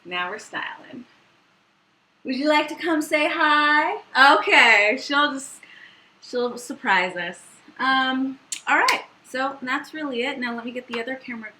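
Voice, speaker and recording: A woman's voice: high-pitched, expressive, measured pace, pushed and bright, slight background noise, low-quality recording. A young woman hosting a home baking livestream from her kitchen, chatty and bubbly, laughing easily. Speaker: home cooking livestream host. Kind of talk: casual livestream chat.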